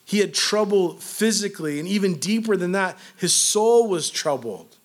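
A male preacher with a somewhat higher-than-usual voice delivers a sermon. He speaks in a loose, conversational way and keeps dropping "like" as he explains scripture. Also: animated, moderate pace. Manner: conversational, peppered with "like".

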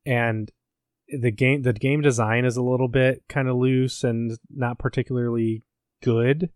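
A man's voice: mid-range voice, steady tone, measured pace, darkish tone, no room sound. Rambling, swearing man, dry sound. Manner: rambling, profane, self-mocking. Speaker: podcast host, academic. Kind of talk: casual chat recapping a game.

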